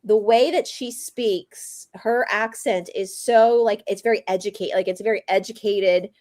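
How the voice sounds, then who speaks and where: A woman's voice: mid-range voice, fairly even intonation, moderate pace, darkish tone, dry recording. A woman with a Southern American accent hosting a casual livestream chat, talking in a rambling, chatty way and laughing often. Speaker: host.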